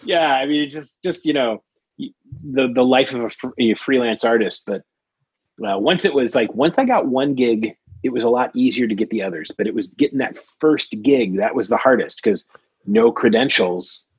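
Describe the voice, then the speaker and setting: A man's voice: mid-range voice, normal speed, breathy edge, no room sound, highs cut off. A man talking as a guest on a casual podcast, explaining his freelance work with many fillers and restarts. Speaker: guest, trading card artist.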